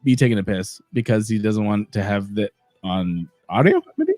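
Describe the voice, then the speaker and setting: A man's voice: lowish voice, animated, moderate pace, a little mellow, no room sound, studio quality. A man chatting casually as a podcast co-host, wondering aloud. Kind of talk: casual chat.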